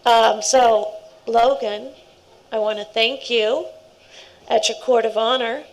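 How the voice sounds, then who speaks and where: A woman's voice: on the high side, fairly even intonation, takes it slowly, low-quality recording. A middle-aged woman, a scout leader, giving a rambling, heartfelt speech at a ceremony, with laughing asides.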